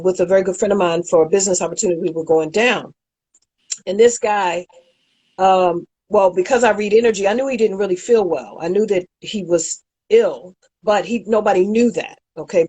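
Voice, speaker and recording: A woman's voice: mid-range voice, breathy edge, rough recording. A woman guest in a casual chat, telling a story animatedly and acting out what people said. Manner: animated storyteller, acts out quotes.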